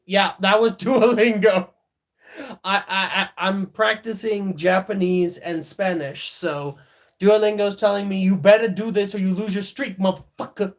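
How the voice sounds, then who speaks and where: A man's voice: high voice, fairly bright tone. A man streaming live, chatting casually with viewers, laughing often and talking to his dog.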